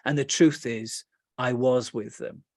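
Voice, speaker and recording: A man with a British accent teaching meditation, telling lively stories with playful asides, then slowing and softening into calm guidance. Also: mid-range voice, no room sound, clean studio sound.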